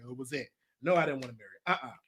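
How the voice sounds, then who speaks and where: A man hosting a show and telling a personal story in a rambling, animated way, with laughter and many restarts. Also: mid-range voice, very fast, breathy edge. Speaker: talk show host. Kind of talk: casual storytelling monologue.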